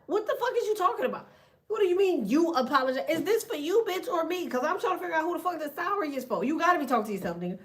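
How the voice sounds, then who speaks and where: A woman in her thirties with a high voice rants to her viewers in a loose, profane run of stories and jabs. She talks bluntly, with heavy cursing and a lively, storytelling push. Her voice sits a little back from the microphone. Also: racing, distant mic. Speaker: tarot reader and vlogger. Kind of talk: profane casual rant to viewers.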